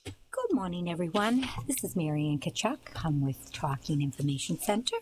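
A woman reading a novel aloud for a radio reading service, in a steady, plain storytelling manner. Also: on the low side, normal speed, faint music behind, poor audio.

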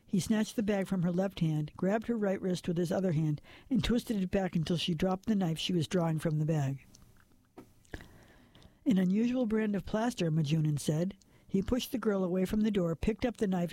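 A man reading a crime novel aloud in even, steady scripted narration. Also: high voice, moderate pace, dry recording. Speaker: audiobook narrator.

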